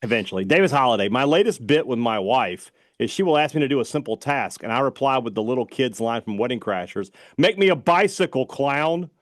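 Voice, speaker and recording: A man with a Southern US accent co-hosting a casual sports chat podcast, laid-back, agreeable and quick to laugh. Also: medium pitch, expressive, dry recording, studio quality. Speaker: podcast co-host. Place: radio studio.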